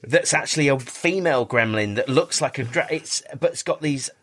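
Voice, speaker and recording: A man's voice: mid-range voice, fairly quick, a bit bright. Chatty man telling stories. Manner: chatty storyteller, frequent restarts and swearing. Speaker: podcast guest. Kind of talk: casual interview chat.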